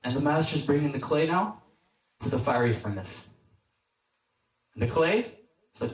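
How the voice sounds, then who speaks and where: A man giving a casual sermon to a youth group, with a fairly high voice. He tells a story in a relaxed way, often checks in with his listeners, and drops low for emphasis. He is heard from a distance in an echoey hall. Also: normal speed, long pauses. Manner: conversational, checks in with the audience. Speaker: deacon preaching to a youth group.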